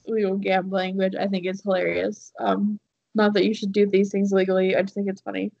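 A woman's voice: mid-range voice, flat delivery, fairly quick, creaky, a little mellow. Woman, podcast co-host, casual storytelling, rambling, dull lo-fi sound. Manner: rambling with many fillers and laughs. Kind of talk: casual chat, telling a story.

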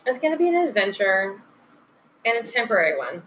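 A woman's voice: mid-range voice, big pitch swings, brisk, low-quality recording. Woman host, loose chatty podcast talk, noticeable background noise. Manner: chatty, slangy, lots of "like". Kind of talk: casual podcast chat.

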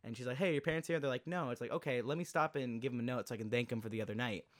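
A man's voice: medium pitch, very fast. A man in casual chat who sounds puzzled and critical while he picks apart a film's plot. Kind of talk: casual movie recap chat.

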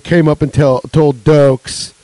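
A man's voice: a little high, flat delivery, takes it slowly, mellow, slight background noise, low-quality recording. A young adult man hosting a solo comedy podcast, rambling and swearing with laughs between jokes. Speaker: podcast host.

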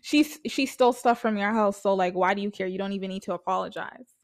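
A woman's voice: medium pitch, fast talker, close to an everyday voice. A woman putting on a mock British accent to voice a young man who shrugs off the matter in an offhand way. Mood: dismissive. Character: young British man, dismissive rapper's friend.

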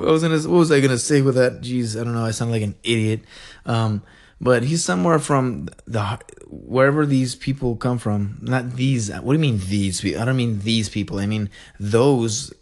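Young border-town man, mid-range voice, loose and chatty, restarts his sentences and laughs. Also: medium pitch. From El Paso-Juarez border region. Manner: rambling, self-correcting, laughs often. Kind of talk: casual rambling monologue.

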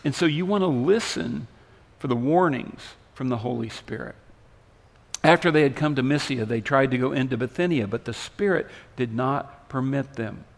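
A man preaching a sermon, his delivery swinging between loud emphatic lines and soft hushed ones. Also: mid-range voice, moderate pace, vocal fry, in a large hall. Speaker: pastor.

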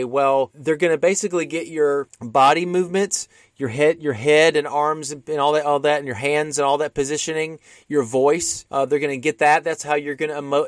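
A man's voice: a little high, no room sound, studio quality. A man co-hosting a podcast, chatting casually about classic films with many restarts and fillers. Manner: rambling with frequent restarts. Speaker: podcast co-host. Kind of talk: casual film discussion.

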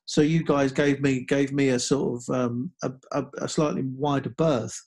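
A man telling a personal story in casual conversation, halting with frequent restarts and fillers. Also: mid-range voice, fairly even intonation, a little mellow. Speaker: guest speaker.

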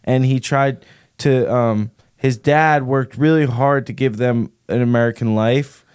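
A man's voice: mid-range voice, steady tone, unhurried, a little mellow, clear, resonant tone, dry recording, studio quality. A man co-hosting a podcast, chatting casually and playfully, riffing on silly ideas with his friend. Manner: playful, joking, riffs on ideas. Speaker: podcast co-host. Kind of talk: casual chat.

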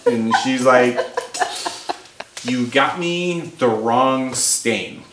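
A man talks unhurriedly at an ordinary middle pitch, a podcast guest spinning an anecdote in casual conversation. He tells it in an animated way and often breaks into laughter. The room around him rings a little, with a faint hiss underneath. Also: very slow. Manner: animated, laughs through his stories. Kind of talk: casual storytelling chat. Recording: roomy with faint background noise.

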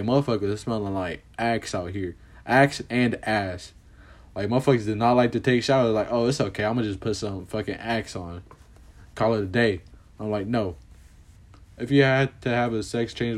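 A man's voice: on the low side, normal speed. A young man chatting casually on a vlog, answering questions in a slangy, profane, rambling way, and saying he is putting on an accent. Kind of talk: casual chat.

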